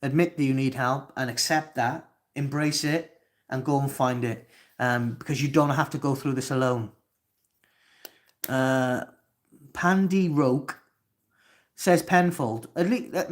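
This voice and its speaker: A man's voice: mid-range voice, measured pace, long pauses. A Welsh man in his twenties hosting a live stream, reading chat comments aloud and swearing at trolls. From Wales. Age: 20s. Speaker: livestream host.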